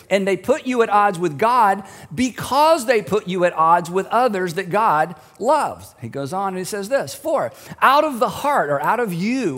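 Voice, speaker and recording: A man's voice: sits high, fairly bright tone, in a large hall. A middle-aged male pastor preaching a sermon in a conversational, humorous way, acting out the voices he quotes.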